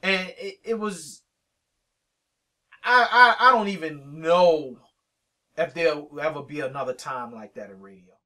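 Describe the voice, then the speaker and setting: A veteran hip-hop radio DJ in his 50s from Richmond, Virginia tells stories in a sit-down interview, animatedly acting out both sides of old conversations. His voice is on the high side, a little slow with frequent pauses, and a bit off-mic at a distance.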